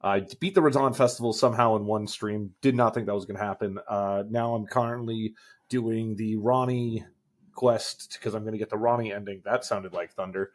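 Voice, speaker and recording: A man's voice: lowish voice, fairly even intonation, normal speed. Laid-back young man co-hosting. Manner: laid-back, brief reactions. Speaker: podcast co-host and streamer. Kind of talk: casual chat.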